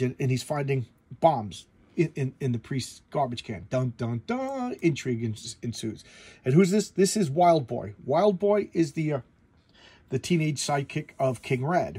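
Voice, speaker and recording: A man's voice: mid-range voice, husky. A man giving casual comic book commentary, rambling with stumbling restarts and blunt opinions.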